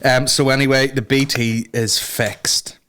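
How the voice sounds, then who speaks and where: A man's voice: medium pitch, unhurried. A man hosting a comedy podcast, joking, swearing and acting out silly voices in casual banter. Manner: animated, swearing, acts out voices. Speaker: podcast host.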